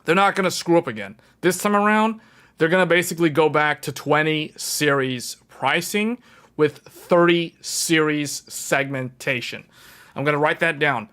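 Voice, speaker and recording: A man hosting a casual tech livestream, talking to his viewers in an animated, emphatic way and repeating his key points. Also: on the high side, normal speed.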